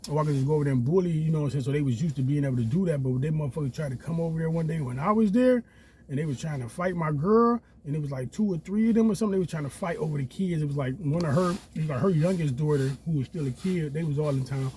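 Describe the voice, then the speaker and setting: A man telling a story casually, animated and profane, acting out quotes in a raised voice. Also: on the high side, fast talker, slight background noise.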